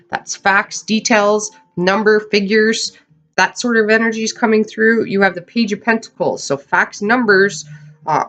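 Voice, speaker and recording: A woman's voice: mid-range voice, fairly bright tone. A chatty woman gives a casual tarot reading straight to her viewers, calling them "you guys" and laughing often. Her voice sits in a middle range. The recording is a bit dull and lo-fi. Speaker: tarot reader. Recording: dull lo-fi sound.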